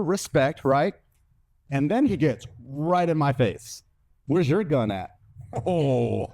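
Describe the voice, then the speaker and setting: A man's voice: on the high side, darkish tone, no echo. Brash man telling stand-up stories. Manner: brash storytelling, acting out quotes in other voices. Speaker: stand-up comedian. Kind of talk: stand-up storytelling.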